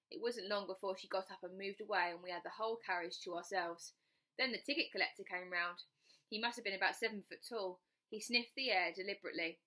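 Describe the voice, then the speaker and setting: A woman's voice: medium pitch, sharp tone. A woman reading a children's storybook aloud, narrating in the first person with expression. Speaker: storybook reader.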